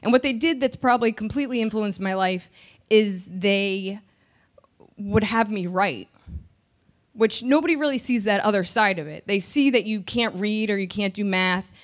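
A woman's voice: medium pitch, normal speed. A woman comedian in her thirties from New Jersey, telling a personal story candidly and with self-deprecating humor. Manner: candid, self-deprecating, animated when recounting.

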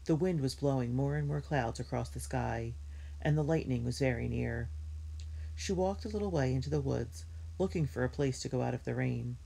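A woman reads a children's chapter book aloud in a measured, gentle storytelling manner. Her voice is very low and husky, with a gravelly grain. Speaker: reader.

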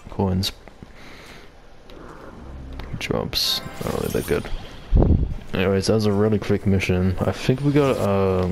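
A man's voice: on the low side, vocal fry. A man giving casual, rambling commentary as he plays a video game, reading on-screen text aloud. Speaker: gamer.

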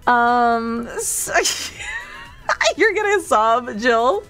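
A playful woman hosts a cafe role-play stream and giggles often. Her voice is high and bouncy, and she talks in an unhurried, sweet manner. Faint music plays underneath. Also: huge pitch swings, a bit bright. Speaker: streamer host.

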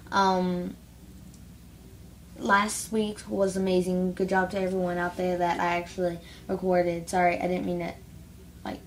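A woman's voice: on the low side, slight background noise. A teenage girl ranting bluntly to camera in a casual vlog, rambling with lots of "like". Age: teens. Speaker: vlogger.

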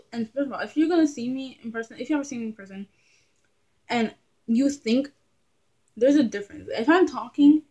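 A young adult woman talking casually to camera in her vlog, chatty and animated, often laughing. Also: on the high side. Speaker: vlogger.

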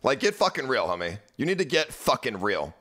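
A young man is live streaming and ranting at his chat, his mid-range voice very animated and fairly quick. The rant is profane, agitated and repetitive.

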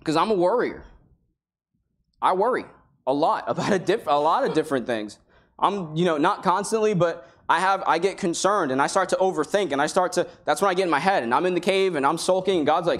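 Male preacher, higher-pitched voice, earnest conversational sermon delivery with scripture quotes. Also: lively intonation, brisk. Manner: earnest, conversational preaching with King James quotations.

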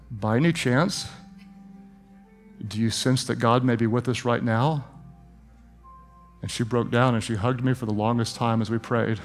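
A middle-aged man preaching as a pastor, telling stories earnestly and then praying with growing fervor. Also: medium pitch. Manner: earnest storytelling, rising to fervent prayer. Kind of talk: sermon and prayer.

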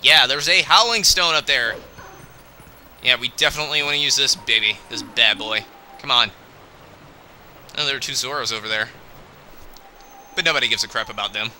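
A man's voice: mid-range voice, moderate pace, long pauses, sharp tone, slight background noise. A young man giving casual, joking game commentary, chatty and a bit grumbly.

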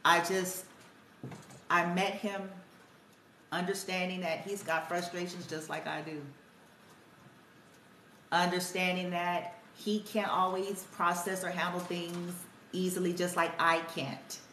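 A woman's voice: lowish voice, little pitch movement, takes it slowly, long pauses, bright, forceful tone, recorded from a distance, a little hiss or hum. A woman telling a reflective, conversational story about her parenting, quoting her son and herself as she goes. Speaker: spiritual healer and parent vlogger. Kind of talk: casual storytelling monologue. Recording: echoey room, somewhat off-mic, faint ambience.

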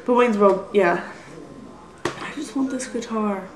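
A young woman rambles through a casual vlog, frequently apologizing and running herself down. Her voice is medium-pitched and slow, captured on a built-in computer mic in an echoey room, so the recording quality is low.

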